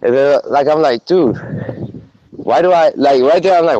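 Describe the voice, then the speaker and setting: A man on a podcast telling stories in casual chat, animated and swearing a lot. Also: fairly high pitch, moderate pace, pauses often. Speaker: podcast co-host. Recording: muffled lo-fi recording with faint noise.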